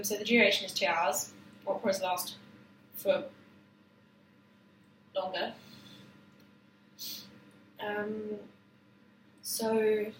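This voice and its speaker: Woman talking to her camera, lots of ums and restarts, echoey room, mic kinda far. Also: mid-range voice. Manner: hesitant, many fillers and restarts. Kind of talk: informal spoken explanation to camera. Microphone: self-filmed camera or phone. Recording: roomy, distant, faint background noise.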